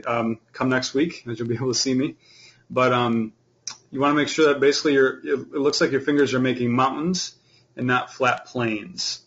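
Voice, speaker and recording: A man teaching an online beginner fiddle class, explaining in a relaxed way with lots of fillers. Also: mid-range voice, highs cut off.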